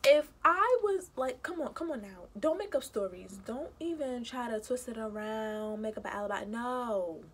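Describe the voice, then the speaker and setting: A young woman telling a story casually to her viewers, animated and indignant, acting out the people in it. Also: fairly high pitch, normal speed, few pauses. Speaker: vlogger.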